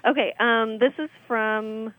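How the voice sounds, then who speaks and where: A woman's voice: a little high, steady tone, slow, fairly bright tone, no room sound, poor audio. A woman guest on a podcast, reading listener questions and chatting playfully. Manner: playful, laughs easily. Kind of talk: casual podcast chat.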